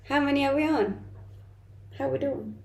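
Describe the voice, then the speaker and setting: A woman's voice: high voice, moderate pace, vocal fry, darkish tone. A young woman from Denmark with a mixed, Danish-tinged English accent, chatting casually on a livestream and answering her chat. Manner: chatty, reads chat aloud and answers with light laughs. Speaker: streamer and content creator. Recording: roomy echo.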